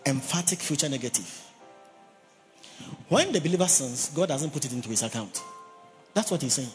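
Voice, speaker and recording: A man's voice: mid-range voice, big pitch swings, moderate pace. Man preaching a sermon, punchy and repeating himself, big echoey hall, bit of music behind. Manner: emphatic, repeats key words, has the congregation repeat phrases. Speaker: pastor. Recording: long reverb of a large hall.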